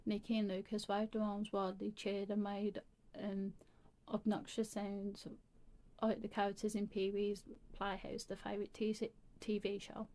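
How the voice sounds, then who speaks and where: A woman's voice: medium pitch, completely flat delivery, moderate pace, mellow. A woman reading a creepy story aloud, stumbling and restarting often.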